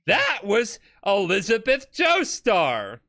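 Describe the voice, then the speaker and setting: Drunk podcast host, bright, lively and rambling, full of laughs and swearing. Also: mid-range voice, slow. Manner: animated, laughing, swearing, acting out characters. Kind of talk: drunk comedic storytelling.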